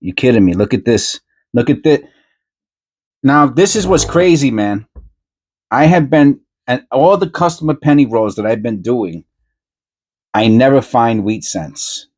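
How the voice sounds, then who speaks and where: A man hosting his own coin hunting video, talking casually and rambling as he goes, often repeating himself and correcting himself mid-sentence with excited asides. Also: medium pitch, unhurried, pauses often. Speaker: coin roll hunting channel host. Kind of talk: casual chat while searching coins.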